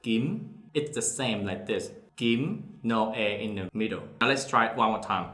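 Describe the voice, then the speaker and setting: A man with a Southern Vietnamese accent, a native speaker of Vietnamese, teaching pronunciation by explaining slowly and modeling words for repetition. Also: fairly low pitch, fairly bright tone, reverberant. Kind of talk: pronunciation lesson.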